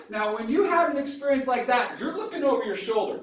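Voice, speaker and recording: A father telling a personal story to his camera in a dramatic, excitable way, with sudden bursts of yelling. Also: extremely high pitch, fast, hardly any pauses. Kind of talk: animated story time on camera. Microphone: camera mic at a distance. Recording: very echoey room, voice far from camera.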